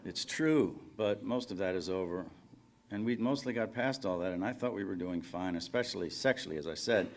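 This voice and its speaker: A man's voice: deep voice, brisk, slight background noise. A man reading fiction aloud, voicing a lonely middle-aged man who rambles and apologizes on a phone call. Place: conference reading room.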